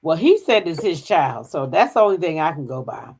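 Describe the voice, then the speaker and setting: A woman's voice: sits low, very animated, a little mellow, husky. A woman hosting a gossip channel, talking casually, humming fillers and reading news aloud. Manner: chatty, drawn-out filler hums, reads news aloud. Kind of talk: casual commentary.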